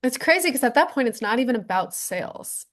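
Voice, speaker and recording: A woman's voice: on the high side, sing-song, fairly quick. A woman on a group video call offering her own reflections on selling. She speaks casually and thoughtfully, often laughing along. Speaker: participant.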